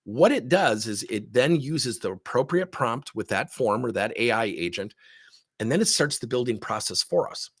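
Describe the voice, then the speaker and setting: A middle-aged man giving an energetic webinar talk as a training consultant, with a husky voice. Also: mid-range voice, moderate pace. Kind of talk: webinar presentation.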